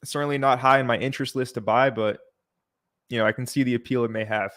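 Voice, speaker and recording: Flat-voiced man hosting a chatty livestream. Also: medium pitch, quick pace. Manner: relaxed, chatty, reads out viewer comments. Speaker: livestream host. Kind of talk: casual livestream commentary.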